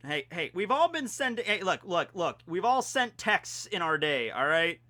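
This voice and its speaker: A man's voice: high voice, very animated, moderate pace, pushed and bright. A young man from Pennsylvania chatting casually and rambling through a geography quiz, making jokey, self-deprecating asides. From Pennsylvania, USA. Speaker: vlogger. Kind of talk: casual commentary while playing a geography quiz.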